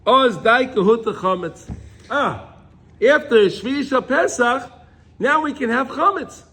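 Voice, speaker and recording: A man teaching a Torah class, reading Hebrew lines and explaining them in English with many restarts, sometimes crying out loudly. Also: very high-pitched, measured pace, breathy edge. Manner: animated, cries out loudly when acting out a prayer.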